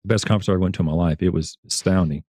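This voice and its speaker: Male turf scientist guest, low voice, earnest, animated storyteller, dry sound. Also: rapid-fire, slightly rough, no echo. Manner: earnest, repeats words and restarts phrases. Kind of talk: casual livestream discussion.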